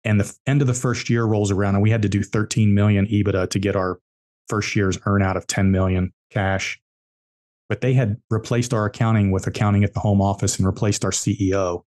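A man with a somewhat low voice tells business stories on a podcast. He talks bluntly and drives his points home by repeating words. He speaks as an entrepreneur guest. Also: little pitch movement, a little fast, darkish tone. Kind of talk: podcast interview storytelling.

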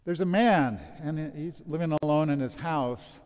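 Joking priest in a reverberant church. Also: male voice, on the high side, measured pace, a little mellow. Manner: casual, joking storyteller. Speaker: priest officiating a wedding. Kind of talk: wedding homily.

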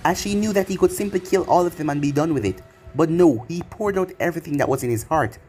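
A man reading a fan fiction story aloud, steady and plain. His voice is a little higher than most men's, and soft music plays faintly behind him. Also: fast talker. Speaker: narrator.

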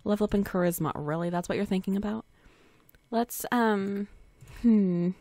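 A woman's voice: mid-range voice, moderate pace, dark tone, no echo. Giggly young woman narrating a game. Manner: chatty and giggly, many "like"s. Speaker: let's play host. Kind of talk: casual game commentary. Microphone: desk USB condenser mic.

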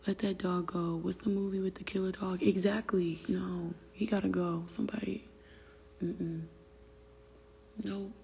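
A woman's voice: on the low side, fairly even intonation, measured pace, gravelly, mellow, breathy edge, in a large hall. A young woman venting on a phone livestream, profane and exasperated, answering viewer comments aloud. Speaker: livestream host. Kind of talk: casual livestream rant.

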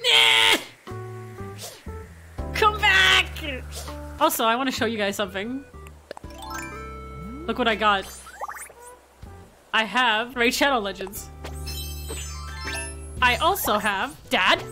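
A young woman streamer giving excitable game commentary, swinging from loud shrieks to low mumbles and swearing freely. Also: measured pace, long pauses, over music. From United States.

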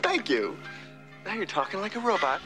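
A chatty young woman, lively voice, old film clip with music. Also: medium pitch, moderate pace.

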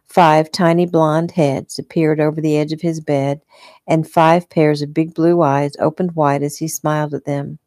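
Author reading her novel at home, a woman with a low, mellow voice, dry close sound. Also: normal speed, dry recording. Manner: relaxed, unpolished reading with small slips. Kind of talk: casual read-aloud narration.

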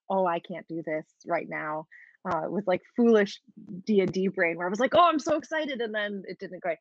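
A woman game master talking shop in a relaxed, easy chat. She laughs often and trails off mid-thought before picking her point back up. The sound is dry and a little dull, as if it comes over a video call. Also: mid-range voice, no echo. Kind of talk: casual talk-show chat.

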